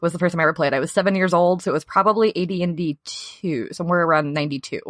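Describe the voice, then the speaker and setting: Woman in her thirties, very low voice, dry close sound, easygoing laughing chat. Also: rapid-fire, no echo. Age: 30s. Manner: relaxed, laughing, nostalgic. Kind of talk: casual storytelling chat.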